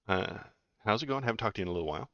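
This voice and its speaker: A man's voice: on the low side, lively intonation, very fast, vocal fry, a bit bright, no room sound, dull audio. A man hosting a casual political livestream, joking and rambling. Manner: joking, rambling, self-mocking. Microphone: webcam setup.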